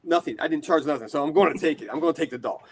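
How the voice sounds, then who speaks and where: Animated American man telling stories. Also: fairly high pitch, very fast. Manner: animated, rambling storyteller with many fillers. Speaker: guest, horror collector and shop owner. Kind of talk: casual storytelling interview.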